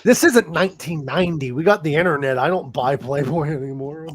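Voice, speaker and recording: A man's voice: fairly high pitch, a little fast, a crowd in the background. A man hosting a podcast in crude, casual chat, joking with profanity and breaking into laughter. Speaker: podcast host.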